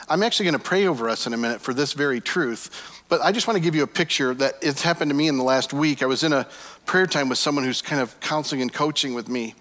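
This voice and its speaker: A middle-aged man preaching from the pulpit in an earnest, personal way. His voice is of middling pitch for a man. He rises to stress a point, then sinks to a near-hushed tone as he turns to prayer. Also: in a large hall. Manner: earnest, shifts between emphatic lifts and hushed soft phrases. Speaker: pastor. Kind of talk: sermon with prayer.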